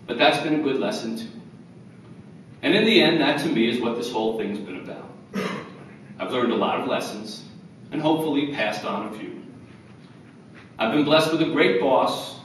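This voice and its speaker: A man's voice: mid-range voice, a bit bright, slight background noise. A man in his fifties giving an earnest award acceptance speech with wry humor. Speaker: award recipient. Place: large hotel ballroom. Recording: echoey ballroom from far off.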